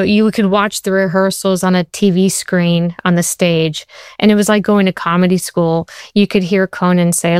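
A woman's voice: medium pitch, clear, resonant tone, dry recording, studio quality. A woman in her thirties, a television writer, telling stories in an interview and acting out other people's lines. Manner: storytelling, quotes people in shifted voices. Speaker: TV writer and show creator.

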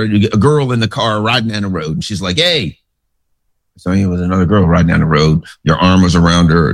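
A man giving casual, sarcastic political commentary, rambling through stories and asides. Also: lowish voice.

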